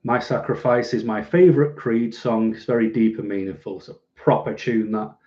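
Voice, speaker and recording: Male streamer, chatty and relaxed, warm low-key tone, muffled home-mic audio. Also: normal speed. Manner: chatty and rambling, laughs easily. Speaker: livestream host reading viewer comments. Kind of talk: casual live chat. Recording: dull lo-fi recording.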